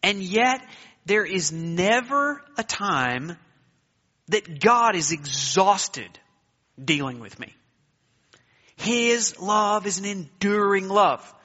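A male pastor preaching a sermon, emphatic, with dramatic pauses, urging the congregation to answer aloud. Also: sits high, animated, bright, forceful tone. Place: church sanctuary. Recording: echoey hall, dull lo-fi sound.

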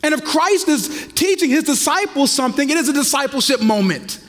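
A man preaching a sermon as pastor, swinging between loud passionate stretches and hushed, drawn-out lines. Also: extremely high pitch, animated. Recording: long reverb of a large hall.

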